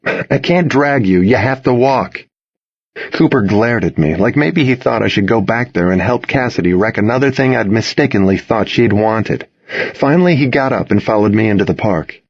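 Male first-person audiobook reader, low husky voice, dull dry recording. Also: fairly quick, no echo. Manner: earnest, expressive dialogue reading. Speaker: audiobook narrator.

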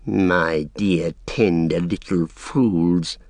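A man voicing a cruel, greedy male goblin who speaks in a soft hissing whisper, slow and mock-tender. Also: deep voice, steady tone, no room sound, heavily acted. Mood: gloating.

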